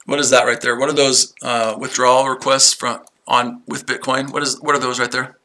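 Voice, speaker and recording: A male livestream host talks straight to his chat viewers, combative and full of swearing. His voice is very bright and cutting, and he circles back over the same lines again and again. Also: medium pitch, level tone, fairly quick. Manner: combative, profane, repeats himself.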